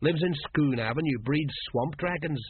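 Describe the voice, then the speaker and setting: A man playing a sly, drink-loving middle-aged male sergeant with a knowing delivery and a very husky voice. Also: on the high side, moderate pace, a little hiss or hum, pitched above the performer's own voice, lightly acted. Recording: dry, phone-like narrow sound.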